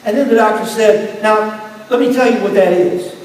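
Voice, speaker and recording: Man preaching in an echoey hall. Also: moderate pace. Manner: storytelling, conversational, with sudden rises in pitch and volume. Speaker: guest preacher. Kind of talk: sermon testimony. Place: church sanctuary. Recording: distant mic in a long, echoey church hall with faint room noise.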